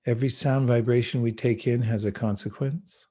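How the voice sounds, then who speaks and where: Calm, mellow-voiced man guiding a meditation. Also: medium pitch. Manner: calm, unhurried, gently instructive. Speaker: meditation teacher. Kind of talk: guided meditation over a video call.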